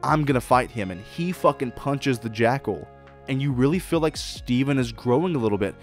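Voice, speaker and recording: Profane, excitable man reviewing a show. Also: mid-range voice, moderate pace, soft background music. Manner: blunt, profane, excitable, acts out quoted lines. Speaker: podcast host reviewing shows. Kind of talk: casual solo review monologue.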